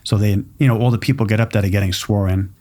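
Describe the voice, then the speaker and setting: A middle-aged pizzeria owner from Long Island, New York, appears as a podcast guest, telling stories in casual chat with a fairly low voice at a racing pace. He's animated, acting out what other people said.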